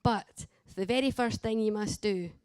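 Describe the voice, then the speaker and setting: A woman's voice: medium pitch, normal speed, a little mellow, clean tone, no room sound. Woman, earnest and direct, addressing a conference audience; dry close sound. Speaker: carer and daughter, speaker. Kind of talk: conference talk.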